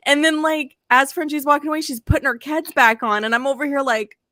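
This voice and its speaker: A woman under forty-five co-hosting a casual podcast chat, animated and profane, laughing often between quick asides. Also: high voice, dry recording, studio quality. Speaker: podcast co-host.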